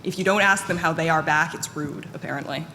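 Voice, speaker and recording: A woman giving a live conference talk in a fairly monotone, candid and self-deprecating way, with plenty of fillers. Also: low voice, brisk. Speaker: conference speaker. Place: conference hall. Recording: echoey hall with faint noise.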